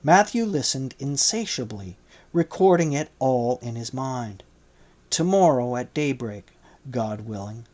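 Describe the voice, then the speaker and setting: A male narrator reads a novel aloud in a slow, unhurried voice. His pitch sits in a medium range. The delivery stays measured throughout. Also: animated, darkish tone. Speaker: audiobook narrator. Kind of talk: scripted audiobook narration.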